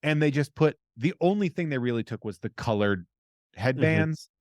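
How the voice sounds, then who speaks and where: A man's voice: fairly high pitch, lively intonation, moderate pace, darkish tone, dry recording, studio quality. A man co-hosting a podcast in casual chat, blunt and opinionated, emphatically correcting the others. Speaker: podcast co-host.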